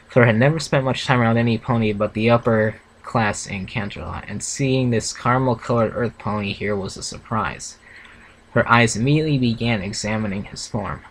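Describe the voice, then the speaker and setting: A man's voice: medium pitch, a bit bright, slight background noise, low-quality recording. A young man reading a fan story aloud with a co-host, casual and stumbling, correcting himself. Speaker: fanfiction reader, co-host. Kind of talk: casual read-aloud reaction.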